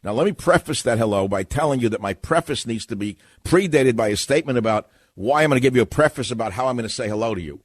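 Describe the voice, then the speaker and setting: A man's voice: medium pitch, animated, quick pace, hardly any pauses, dry recording, studio quality, lightly acted. A man putting on a pompous male senator who talks in endless preambles. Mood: mock-formal. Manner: mock-formal, endlessly preambling.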